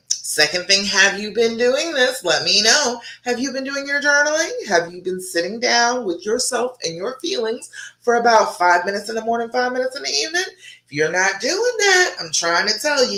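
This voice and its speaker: A woman relationship coach hosting a live stream, guiding breathing counts and chatting with viewers, laughing often. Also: fairly high pitch. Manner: guides breathing counts softly, then chats and reads out viewer comments. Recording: roomy echo.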